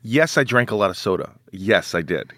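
A man's voice: fairly low pitch, animated, moderate pace, fairly bright tone, no echo, studio quality. A man in his forties, an actor guest chatting in a casual podcast interview, rambling and self-mocking with many restarts. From United States.

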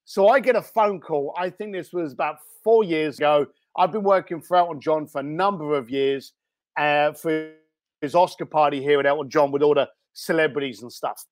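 A high-pitched Australian man telling a story as a podcast guest. He is animated and slips into the voices of the people he describes. The sound is close and dry. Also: dry recording. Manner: animated, acts out the callers' voices. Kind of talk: storytelling in conversation.

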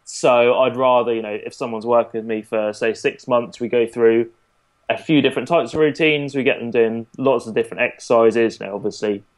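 A man in a casual podcast conversation, talking through his coaching approach. His voice sits at an ordinary middle pitch. He explains at an easy pace, with plenty of "you know" and "um" along the way. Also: fairly quick. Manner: explanatory, relaxed, frequent fillers. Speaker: fitness coach.

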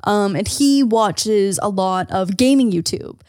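A woman's voice: mid-range voice, unhurried, dry recording, clean studio sound. A young woman, co-hosting a podcast in casual chat and telling stories with lots of fillers. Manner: animated storyteller, many fillers. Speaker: podcast co-host.

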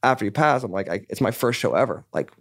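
Fast-talking young man, dry close sound. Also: lowish voice, animated, no room sound. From California. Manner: rapid, rambling, peppered with "like" and swearing, acts out his own past dialogue. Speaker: musician guest. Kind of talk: candid casual chat.

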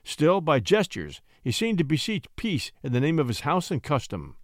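Dramatic male audiobook narrator; very animated, dry close sound. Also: fairly high pitch, normal speed, hardly any pauses, no room sound. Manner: expressive, theatrical.

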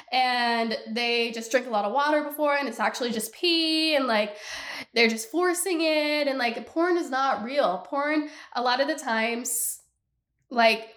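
A woman's voice: on the high side, fairly bright tone, echoey room. A woman in her twenties hosting a podcast alone, ranting candidly in casual talk and swearing freely. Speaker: podcast host. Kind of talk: casual solo podcast rant.

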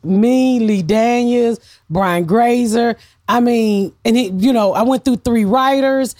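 Female comic from the South, loud and profane, animated storyteller; dry close-mic sound. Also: on the high side, slow, no room sound. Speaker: guest comedian. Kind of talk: casual chat.

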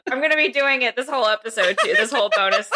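A woman's voice: fairly high pitch, heavy background noise. A woman guesting on a podcast, chatting casually, joking and laughing often. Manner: giggly, animated and quick to joke.

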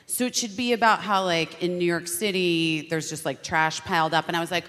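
A woman, an actress guest on a talk show, giving a fiery, profane comic rant that breaks into shouting. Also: lowish voice, steady tone, brisk, hardly any pauses. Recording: reverberant hall.

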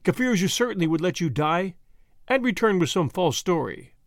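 A man reading the part of a solemn old Boer father, speaking in a low, melancholy, groaning way. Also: very animated, moderate pace, no room sound, clean studio sound.

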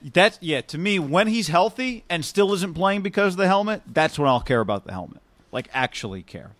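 A man's voice: high voice, expressive, a little fast, fairly bright tone. A man co-hosting a casual sports talk show, teasing his partner and rambling in a wry way. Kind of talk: casual sports radio chat.

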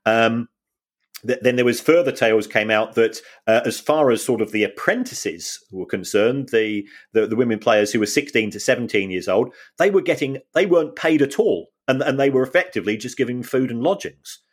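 A man co-hosting a football podcast, talking things through in a measured way with many fillers and restarts. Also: medium pitch. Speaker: podcast co-host. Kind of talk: casual football finance chat.

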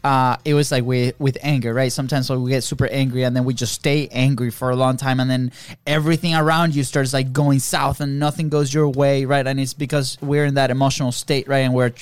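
A man's voice: mid-range voice, flat delivery, fairly quick, smooth, dry recording. Earnest male co-host with a mid-range voice, recorded dry and close. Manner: earnest, repeats "right?" often. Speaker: podcast co-host. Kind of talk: casual conversation.

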